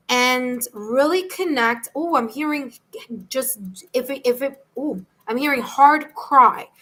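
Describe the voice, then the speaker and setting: High, bright New York woman. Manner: chatty, reassuring, addresses viewers by name. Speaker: tarot reader. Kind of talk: live-stream tarot reading.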